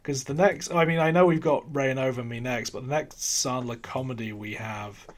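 A man's voice: mid-range voice, steady tone, moderate pace. A man co-hosting a casual film podcast, rambling with frequent giggles. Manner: giggly, rambling, laughs between remarks. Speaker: podcast co-host reviewing films. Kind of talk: casual chat.

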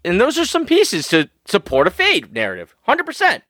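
A man's voice: high-pitched, huge pitch swings, moderate pace, pushed and bright, no echo. A man co-hosting a fantasy football podcast, boasting and trash-talking in playful banter. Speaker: podcast co-host.

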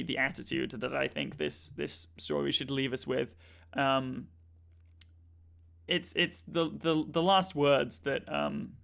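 A man's voice: fairly high pitch, vocal fry, fairly bright tone, smooth. A man co-hosting a comedy podcast, rambling in a mock-earnest, newsreader-like way. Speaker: podcast co-host. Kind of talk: comedic improvised banter.

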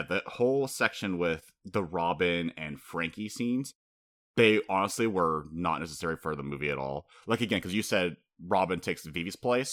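A man's voice: deep voice, fairly bright tone, no echo, studio quality. A man co-hosting a podcast in casual chat, rambling and chatty, often laughing as he talks. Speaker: podcast co-host.

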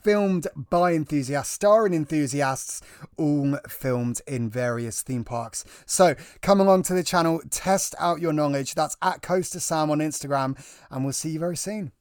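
A man's voice: on the high side, normal speed, smooth, no room sound, clean studio sound. A man co-hosting a podcast, talking with eager enthusiasm in casual chat. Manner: enthusiastic, talkative. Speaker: podcast co-host.

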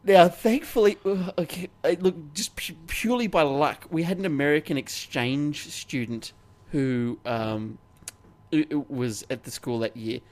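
Rambling, chatty man with frequent restarts. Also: medium pitch. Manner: rambling, self-interrupting, laughs often. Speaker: podcast co-host. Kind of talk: casual chat.

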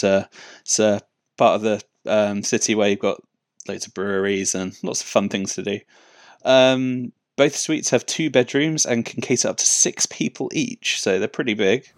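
A man with a low voice gives easygoing, informative rundowns as a podcast co-host. The recording is close and dry. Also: dry recording. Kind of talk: casual podcast chat.

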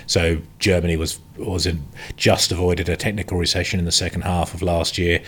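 A man with a lowish voice from the UK, talking through his views on a podcast panel. He is opinionated and halting, with frequent restarts and fillers. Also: slightly rough. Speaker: industry analyst on a podcast panel. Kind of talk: casual panel discussion.

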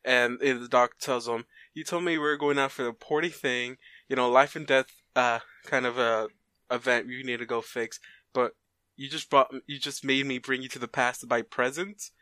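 A man's voice: medium pitch, fairly even intonation, normal speed, bright, forceful tone, no room sound. A man casually retelling a made-up story plot, rambling with fillers and restarts and briefly voicing the characters in quotes.

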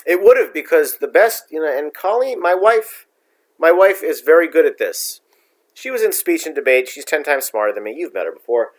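A man's voice: fairly high pitch, animated, a little fast. A middle-aged man co-hosting a casual political chat, opinionated and blunt, ranting in long runs. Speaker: podcast co-host.

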